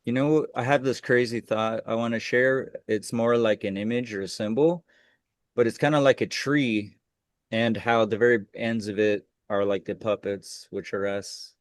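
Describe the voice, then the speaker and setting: A man on a video call offers an idea in a tentative, searching way. His voice is on the low side, and the sound is dry and close. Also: fairly even intonation, moderate pace, no echo. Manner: tentative, sharing ideas aloud. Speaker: group participant. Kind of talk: casual spiritual discussion.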